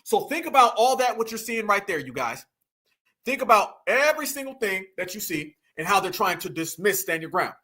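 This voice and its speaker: A man's voice: sits high, very animated, a little fast, pushed and bright. A man hosting a commentary vlog, speaking in a preachy, emphatic way with lots of slang, rallying his audience and mocking people with laughter. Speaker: host.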